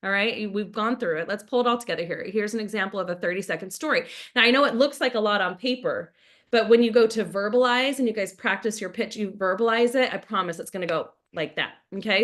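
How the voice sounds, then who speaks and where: A middle-aged woman leading an online sales training, lively and casual, acting out both sides of sample conversations. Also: mid-range voice, fast talker.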